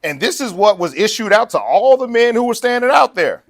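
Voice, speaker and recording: In a fairly quick, conversational sermon, a man preaches with his pitch slightly raised and an animated energy. Between points he acts out quotes, and he laughs easily as he goes.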